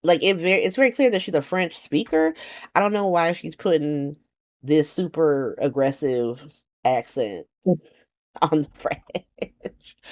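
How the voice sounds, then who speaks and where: A woman giving a casual, slangy recap of a soap opera, sarcastic and animated, acting out the characters' lines in playful voices. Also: sits low.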